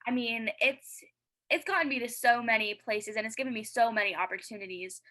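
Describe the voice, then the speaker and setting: Bright, eager young-sounding woman guest. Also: fairly high pitch, fairly quick, poor audio. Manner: eager and chatty, many fillers; earnest and heartfelt. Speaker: interview guest, dancer. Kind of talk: casual interview chat.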